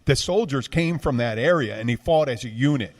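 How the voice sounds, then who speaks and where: A man's voice: mid-range voice, expressive, brisk. A man co-hosting a podcast, chatting casually and rambling with many restarts. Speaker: podcast co-host. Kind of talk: casual chat.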